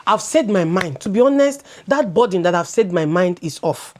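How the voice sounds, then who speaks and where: A Nigerian woman in her thirties, co-hosting a relaxed talk show. She talks animatedly, drifts between English and Pidgin, and circles back over her own words as she makes her point. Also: fairly low pitch, moderate pace, hardly any pauses. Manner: animated, switching into Pidgin, laughing, repeating words as she goes. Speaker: co-host. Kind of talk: casual chat.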